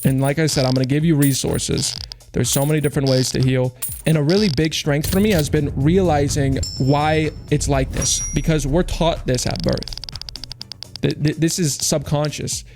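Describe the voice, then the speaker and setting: Young male streamer, fairly high voice, fired-up self-help rant, swears freely, music bed under him. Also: steady tone. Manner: intense, rapid, profane, self-help preaching with mocking put-on quotes. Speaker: streamer opening cases. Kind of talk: rambling motivational monologue.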